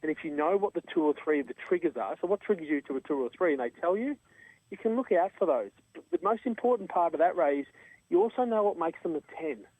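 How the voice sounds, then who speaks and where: A man's voice: fairly high pitch, expressive, fast, no echo. An Australian man, a charity co-founder, telling an earnest, emphatic story in an interview. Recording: tinny phone line.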